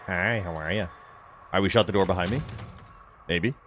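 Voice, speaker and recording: A man giving casual, jokey commentary while playing a horror game, getting excited and shouting at teammates. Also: deep voice, fairly quick, background noise. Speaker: gamer.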